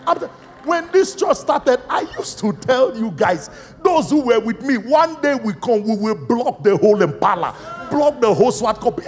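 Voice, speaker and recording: A man preaching a live Pentecostal sermon as apostle, emphatic, calling out questions to the congregation and swinging between shouts and hushed, slow emphasis. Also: very high voice, very animated. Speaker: apostle and senior pastor. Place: large church auditorium. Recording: live church hall reverb with faint music.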